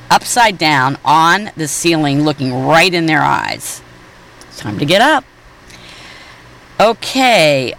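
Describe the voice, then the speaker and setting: Chatty lady reading the funnies on the radio, bright voice, little bit of hiss behind. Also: low voice. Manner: chatty, animated, with fillers and small asides. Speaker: radio reader and host. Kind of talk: reading comics aloud on radio.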